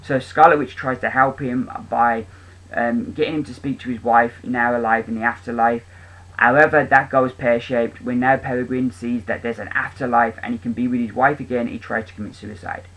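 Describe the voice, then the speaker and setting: A man's voice: medium pitch, fairly even intonation, moderate pace, a bit bright, poor audio. A man giving a casual, enthusiastic spoken review of comic books, rambling with frequent ums and restarts.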